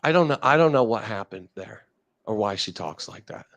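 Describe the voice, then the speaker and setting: A man hosting a live stock market show, talking in brash, profane, excitable trader banter. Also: fairly low pitch, normal speed, no room sound. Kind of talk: casual market chat.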